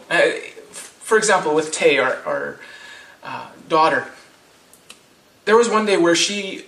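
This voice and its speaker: A man's voice: fairly high pitch, fairly bright tone. Roomy, distant male pastor preaching. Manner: conversational, with frequent restarts and rhetorical "right?". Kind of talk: sermon.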